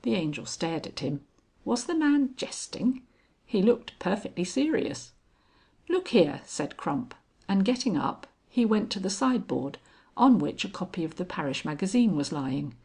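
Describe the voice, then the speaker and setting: A woman reading a classic novel aloud, narrating in a measured, steady way. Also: on the low side, breathy edge. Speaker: audiobook reader. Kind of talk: scripted narration.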